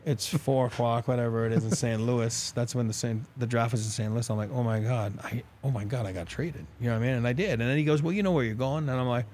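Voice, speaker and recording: A man's voice: mid-range voice, fast, few pauses, a little hiss or hum. A middle-aged man, a former pro hockey player, telling long rambling anecdotes in a casual podcast interview, acting out the dialogue. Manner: rambling, animated anecdotes with quoted dialogue and laughs.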